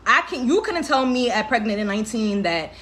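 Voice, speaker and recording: A woman's voice: a little high, sing-song, fairly quick, a bit bright. A young woman in her twenties hosting a livestream, talking candidly and emotionally, laughing often and swearing freely in heavy slang. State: tearful. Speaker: livestream host. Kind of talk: casual livestream talk.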